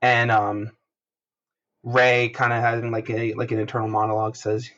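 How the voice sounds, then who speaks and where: A man co-hosting a podcast, casually recapping a manga chapter with lots of fillers and quick jumps into animated voices for the characters. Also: medium pitch, muffled recording. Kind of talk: casual chat, reading panels aloud.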